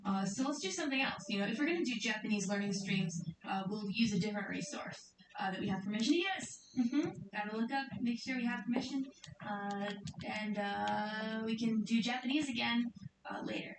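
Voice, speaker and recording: A woman's voice: on the high side, brisk, reverberant, far from the mic, noisy background. A woman streamer chatting casually to her viewers, rambling and giggly as she talks about her plans. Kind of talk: casual chat.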